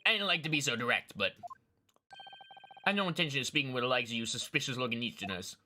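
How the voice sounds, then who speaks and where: A man's voice: medium pitch, lively intonation, fast talker, pushed and bright, slight background noise. A man doing a brusque, scornful prison governor. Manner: brusque, dismissive. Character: gruff hostile male prison governor, middle-aged. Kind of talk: reading game dialogue aloud.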